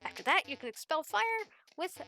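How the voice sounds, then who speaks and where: A woman playing a chatty old professor who rambles through his explanations in a folksy, grandfatherly way. The voice stays high and bright, with faint game music in the background. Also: lively intonation, normal speed, heavily acted. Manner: folksy, lecturing, calls the listener sonny and feller.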